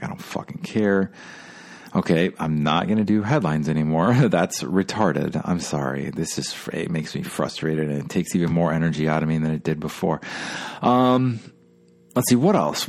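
A man with a very low voice hosts a solo podcast in a casual, rambling way. He sounds worn out and keeps swearing through his weary complaints. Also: darkish tone. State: tired. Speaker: podcast host.

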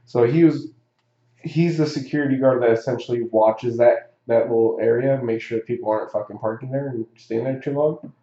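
A man's voice: medium pitch, fairly quick, dark tone, reverberant, highs cut off. A man telling a story in a casual chat, rambling and swearing, with many fillers and restarts. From Southern California.

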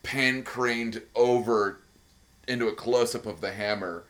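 A man's voice: medium pitch, unhurried, fairly bright tone. A man co-hosting a podcast, chatting casually in a rambling, profane, enthusiastic way with many fillers. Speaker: podcast co-host. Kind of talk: casual chat.

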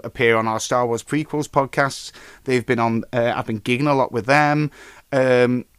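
A man hosting a podcast in casual chat, rambling through news and stories, swearing freely and getting loud and animated when telling an anecdote. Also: mid-range voice, no echo. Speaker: podcast host.

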